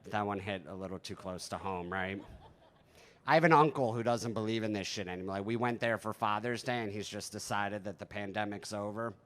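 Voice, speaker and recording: A man's voice: lowish voice, fairly bright tone. A man in his thirties doing stand-up, telling stories in a conversational, profane, self-deprecating way. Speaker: stand-up comedian. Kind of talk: stand-up storytelling.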